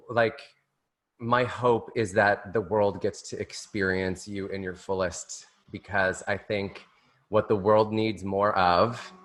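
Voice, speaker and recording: A man's voice: lowish voice, fairly bright tone. A man hosting a podcast, speaking affectionately and gushing with praise to his guest, laughing often. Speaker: podcast host. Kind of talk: casual heartfelt interview.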